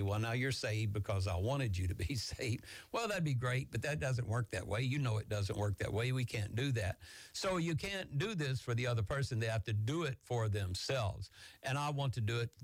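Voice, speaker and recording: Man, pastor, fast excited folksy preaching, mid-pitched voice, dry close sound. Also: no room sound. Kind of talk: Bible teaching sermon.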